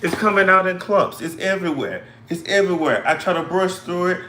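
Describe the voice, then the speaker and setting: A man putting on a scatterbrained woman who frets over her damaged hair, drawling slowly and calling everyone baby. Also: high-pitched, lively intonation, bright, forceful tone, slight background noise, heavily acted. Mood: fretful. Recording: echoey room.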